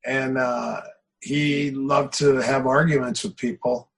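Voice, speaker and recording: Husky-voiced martial arts coach talking. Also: male voice, mid-range voice, takes it slowly, poor audio. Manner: animated, repeats phrases for emphasis, tells anecdotes. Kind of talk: casual interview talk.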